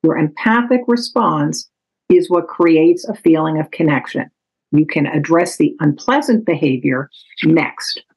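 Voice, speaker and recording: A woman author giving a calm, measured, instructive talk that explains parenting strategies from her book. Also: deep voice, slightly rough, low-quality recording.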